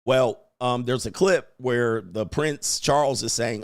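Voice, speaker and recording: A man's voice: medium pitch, slow pace, hardly any pauses, dry recording, studio quality. A man hosting a live stream as a dating coach, rambling crudely, reading viewer questions and putting on mock voices.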